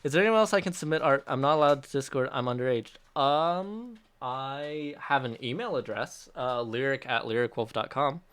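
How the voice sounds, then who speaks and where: A man's voice: mid-range voice, lively intonation, normal speed, hardly any pauses, fairly bright tone, smooth. Upbeat chatty man on a livestream. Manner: upbeat and chatty, laughs often, stumbles and restarts. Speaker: app developer hosting a release livestream. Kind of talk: casual livestream Q&A, reading out chat.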